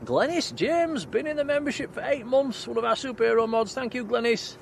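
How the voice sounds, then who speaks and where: A man's voice: very high-pitched, expressive, a little fast, creaky, a little hiss or hum. A man hosting a live stream outdoors, chatting and thanking viewers by name. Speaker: livestream host. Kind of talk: live stream chat, reading comments. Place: outdoors at night near an airport.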